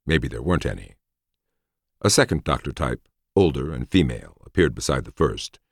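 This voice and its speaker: A man narrating a science fiction audiobook in a measured, expressive reading. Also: extremely low pitch, creaky, dry recording, clean studio sound.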